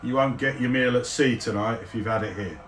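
A man narrating as game master, describing the scene at length with frequent fillers and pauses. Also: mid-range voice, fairly bright tone, slight background noise. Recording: roomy, distant mic.

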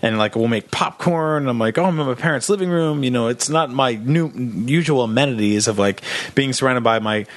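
A man's voice: mid-range voice, fairly quick. A man in his thirties co-hosting a comedy podcast, telling casual stories and acting out what others said. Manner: animated storyteller, acts out quotes. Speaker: podcast co-host.

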